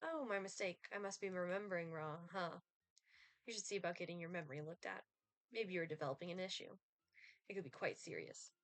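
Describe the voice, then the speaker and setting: A woman's voice: on the low side, a little fast, no echo, lightly acted. A woman reading aloud the lines of a sardonic, aloof male Reaper from a dating game, with a dry, condescending delivery. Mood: sarcastic.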